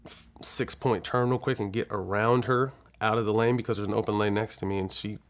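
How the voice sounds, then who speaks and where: A man's voice: lowish voice, steady tone, brisk. A man from California, a guest in an interview, telling a long personal story frankly and with profanity, acting out the dialogue as he goes. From California, USA. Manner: rambling, with frequent restarts.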